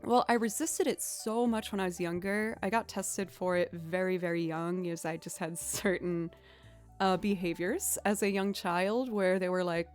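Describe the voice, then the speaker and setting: A woman's voice: lowish voice, fairly even intonation, moderate pace, soft background music. A young woman streaming, chatting casually with viewers in a rambling way, with lots of "like" and "um".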